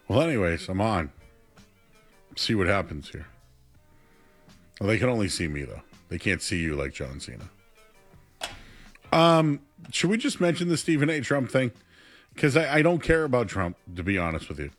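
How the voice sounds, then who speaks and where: A young man co-hosting a casual sports talk show, chatty and animated, his voice jumping up when he gets excited. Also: lowish voice, moderate pace, pauses often, faint music behind. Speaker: sports radio co-host.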